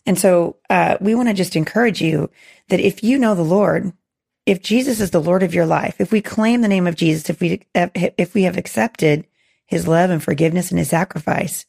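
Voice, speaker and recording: A woman hosting a faith podcast, hoarse with a gravelly voice, earnest and encouraging with many restarts. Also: on the low side, normal speed, darkish tone. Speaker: podcast host.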